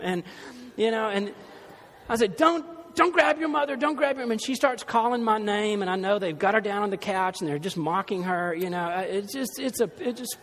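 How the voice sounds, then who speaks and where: A man's voice: high-pitched, long reverb tail. A man preaching a sermon as pastor, conversational, with humorous asides and stories.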